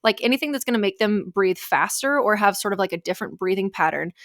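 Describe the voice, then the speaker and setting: A woman's voice: medium pitch, animated, fast, fairly bright tone, dry recording. Chatty woman doctor, dry sound. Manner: chatty, explains medical terms plainly. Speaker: podcast co-host, doctor. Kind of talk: casual chat.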